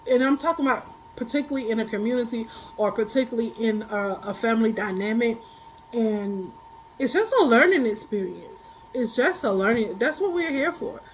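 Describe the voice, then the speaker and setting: High-voiced, laughing woman tarot reader. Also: brisk, a little hiss or hum, poor audio. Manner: animated, laughs often while telling stories; blunt, colloquial. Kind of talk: casual spiritual chat.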